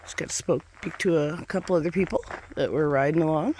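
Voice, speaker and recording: A woman's voice: deep voice, a little fast, darkish tone, slight background noise. A middle-aged woman hiking and filming herself, talking in a rambling, chatty, enthusiastic way. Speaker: hiker vlogger. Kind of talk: casual trail vlog. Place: outdoors on a hiking trail.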